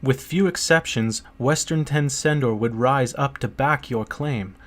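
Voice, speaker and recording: An earnest merchant pressing his case to a prince in an audiobook, read by a man. The voice sits at an ordinary male pitch and leans forward with a pleading, persuasive push, keeping the reading plain rather than theatrical. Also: a little slow, close to an everyday voice. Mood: urgent.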